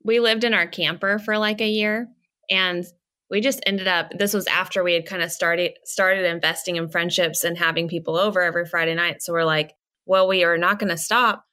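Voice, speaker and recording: A woman's voice: fairly low pitch, brisk. A woman in her thirties in casual conversation, telling personal stories and acting out what she said back then. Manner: animated storyteller, acts out her own past words. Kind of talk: casual chat.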